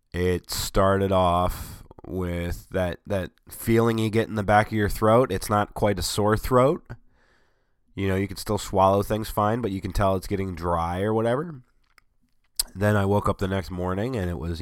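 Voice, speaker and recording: A man's voice: low-pitched, clean tone, no room sound, clean studio sound. A man with a cold, voice strained, chatting casually in a sarcastic, rambling, self-mocking way. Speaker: vlogger. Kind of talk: casual chat.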